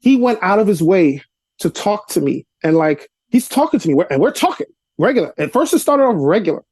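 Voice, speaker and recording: A man's voice: brisk, slightly rough, dry recording. A young adult man from Brooklyn, a guest telling casual stories in an interview over a video call from his apartment, acting out dialogue as he goes. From Brooklyn, New York. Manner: animated storyteller, acts out dialogue with rising pitch. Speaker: actor and comedian guest. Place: cluttered apartment room.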